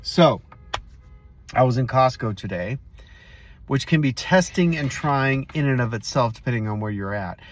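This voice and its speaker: A man's voice: medium pitch, lively intonation, moderate pace, pauses often, slight background noise. A man hosting a motivational vlog, telling a story casually and speaking straight to his viewers. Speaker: host.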